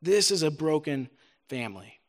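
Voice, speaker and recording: High-voiced man preaching at a retreat. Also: sing-song, normal speed. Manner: reads scripture then preaches with rising intensity; casual filler "like" while preaching. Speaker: retreat speaker. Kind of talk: sermon, scripture reading.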